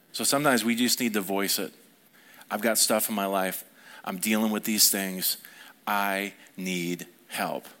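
A man's voice: mid-range voice, pushed and bright. A middle-aged male pastor delivering a Sunday sermon. His speech is conversational, and he often turns to the congregation with questions.

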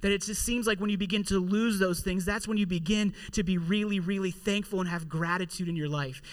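A man in his thirties telling a casual personal story in a talk about gratitude. He is chatty, fills his speech with "like" and drops quieter for wry asides. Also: high-pitched, steady tone, a little fast. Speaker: father giving a motivational talk.

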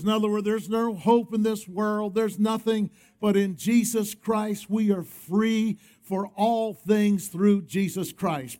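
A man's voice: sits high, darkish tone. A male pastor preaching a sermon, emphatic, often calling on the congregation to respond.

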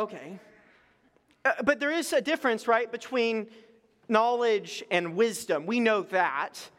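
A middle-aged male pastor with a high, light voice tells stories to his congregation. He is conversational and animated and pokes fun at himself. His voice rings out with the long reverb of a large church sanctuary. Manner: conversational, animated storytelling with self-deprecating humor. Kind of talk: storytelling sermon.

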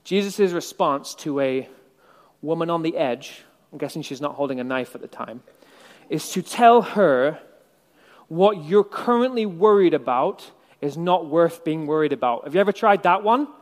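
A man's voice: a little high, animated, moderate pace, in a large hall. A male preacher giving a sermon in a conversational, reflective way, with wry asides.

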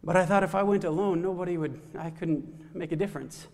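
A man voicing a gigantic male dog in a told folktale, gruff at first and then earnest. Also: high voice, fairly quick, darkish tone. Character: ferocious gigantic male dog, turns friendly. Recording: long hall reverb.

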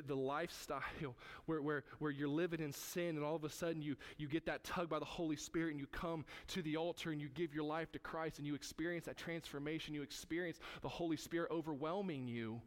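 A man preaching as pastor, emphatic and repetitive, speaking directly to his congregation. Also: fairly high pitch. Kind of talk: sermon.

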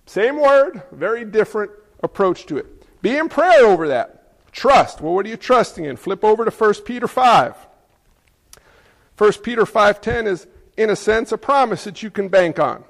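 High-voiced animated male preacher. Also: normal speed, in a large hall. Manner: animated, conversational preaching with asides to the congregation. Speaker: pastor. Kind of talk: sermon.

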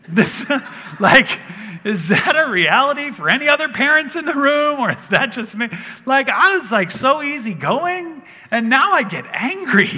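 Bright-voiced male pastor in a big hall. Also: high voice. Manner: animated, humorous storytelling. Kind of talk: sermon. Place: large church hall. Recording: long reverb of a big hall.

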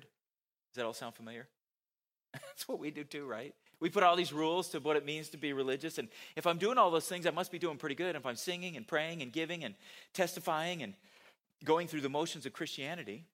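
A pastor with a fairly high, fairly bright male voice preaches in a conversational way at church. He pokes fun at himself and throws rhetorical questions to the congregation.

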